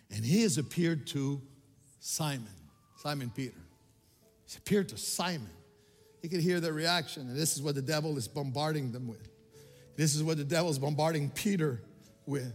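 An older man from Quebec preaching a sermon as a pastor, passionate and stammering, swinging from loud pleas to hushed storytelling. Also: a little high, normal speed, in a large hall, soft background music.

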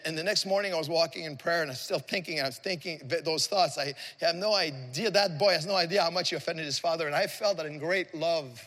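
A man preaching a sermon with passion, his voice rising from hushed storytelling to sung, shouted praise. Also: a little high, long reverb tail. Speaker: pastor.

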